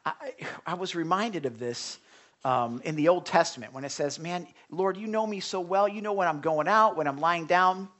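A man preaching a sermon as pastor, moving between loud emphasis and hushed near-whispers, asking the congregation questions and often repeating words. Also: on the high side, moderate pace.

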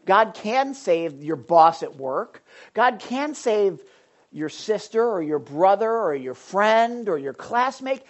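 A woman preaching a sermon in an animated, conversational way, full of emphatic asides to the congregation. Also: medium pitch, slow pace.

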